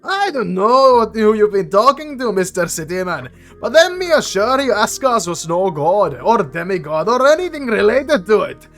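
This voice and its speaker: Man voicing an indignant dwarf rabble-rouser, loud and raised in pitch. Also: big pitch swings, normal speed, few pauses, faint music behind, exaggerated voice. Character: proud indignant male dwarf labor organizer.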